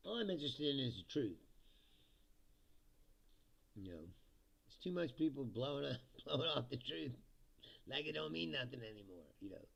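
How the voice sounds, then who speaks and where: A man's voice: mid-range voice, big pitch swings, measured pace, creaky, pauses often, a bit bright. A man hosting a livestream, ranting casually about politics, laughing often and mocking people in put-on voices. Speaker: livestream host.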